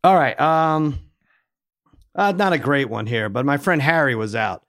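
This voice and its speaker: A man co-hosting a podcast, telling a story in an animated, exasperated way. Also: mid-range voice, measured pace, no echo, clean studio sound. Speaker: podcast co-host. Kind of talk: casual storytelling chat.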